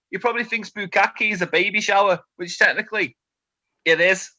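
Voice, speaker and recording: A British man in his twenties doing a stand-up set, delivering deadpan one-liners with nervous asides to a quiet crowd. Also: high-pitched, fairly quick, no echo, poor audio. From Britain. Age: 20s. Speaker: stand-up comedian.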